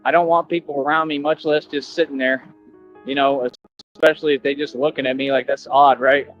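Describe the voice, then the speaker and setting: A man's voice: mid-range voice, little pitch movement, fairly quick. A man in a played clip, boasting in a confrontational, slangy monologue about running the streets. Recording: dull lo-fi clip audio with music.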